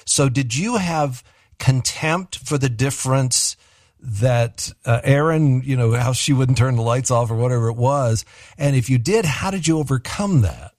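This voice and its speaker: A man hosting a casual conversation, asking his guest questions in a measured way. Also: medium pitch, animated, a little mellow, no echo, studio quality.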